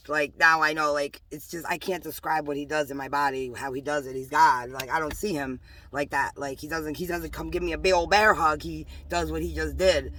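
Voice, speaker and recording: A woman, rambling emotionally about her faith from inside a parked car, mixing loud bursts with hushed asides. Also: low voice, fairly even intonation, moderate pace. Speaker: religious vlogger. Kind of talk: casual spiritual testimony to camera.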